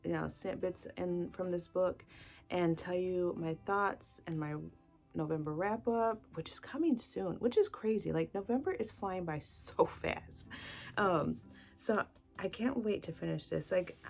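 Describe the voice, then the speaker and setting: A woman with a low, gravelly voice talks casually about books, gushing and scattering "like" through her sentences. A faint bed of music sits behind her. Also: measured pace, darkish tone. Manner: gushing, with frequent "like" fillers. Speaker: book vlogger. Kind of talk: casual chatty book talk.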